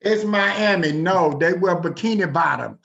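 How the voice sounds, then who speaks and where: A man's voice: high-pitched, measured pace, creaky, fairly bright tone, dull audio. A man hosting over a video call, chiming in with brief prompting replies in casual chat.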